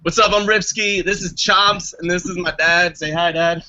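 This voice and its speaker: An American man guest on a casual live panel chat, playful and quick. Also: high-pitched, steady tone, sharp tone, highs cut off. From United States.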